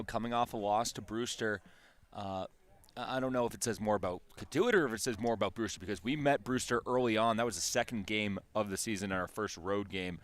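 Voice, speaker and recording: Man, baseball color commentator, fairly low voice, conversational, hesitant asides. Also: a bit bright. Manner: conversational, thinks aloud with small hesitations.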